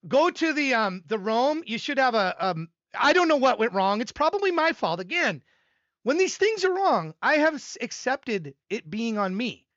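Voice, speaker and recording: Lively, bright-voiced older man rambling on stream. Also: extremely high pitch, normal speed, dry recording, lo-fi sound. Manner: self-deprecating, rambling, laughs often. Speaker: livestream host reviewing music submissions. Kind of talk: rambling live-stream chat. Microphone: desk microphone.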